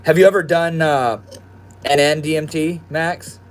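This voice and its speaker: A man's voice: on the high side, fairly even intonation, unhurried. A young man hosting a casual livestream from his room at home, chatting with viewers in a laid-back, slangy way. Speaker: livestream host. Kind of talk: casual livestream chat reading viewer comments.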